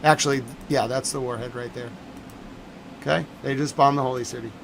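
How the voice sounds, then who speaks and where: Guy on a live news stream, mid pitch, fired up and emphatic, keeps saying the same thing again. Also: steady tone, brisk, vocal fry, background noise. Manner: agitated, emphatic, repeats himself. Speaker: livestream news commentator.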